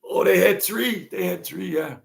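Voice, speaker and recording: A middle-aged man runs a casual late-night livestream from home, his voice high and gravelly at a moderate pace. He rambles, reminisces, and cracks jokes, filling his talk with lots of fillers.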